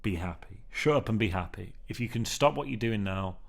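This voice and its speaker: Rambling low-voiced male vlogger. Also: expressive, fairly quick, vocal fry. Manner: meandering, filler-heavy, keeps saying "man". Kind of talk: casual rambling monologue. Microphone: newly bought mic, under test.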